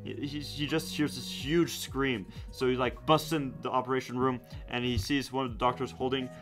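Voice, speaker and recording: A man's voice: medium pitch, flat delivery, normal speed, a bit bright, faint music behind. A man hosting a casual podcast, telling a rambling story with many fillers and restarts. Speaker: podcast host.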